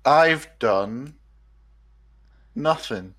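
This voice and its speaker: A man's voice: medium pitch, lively intonation, drawn-out words, fairly bright tone. A young man co-hosting a podcast, chatting casually with dry, mock-indignant humour. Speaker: podcast co-host. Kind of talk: casual chat.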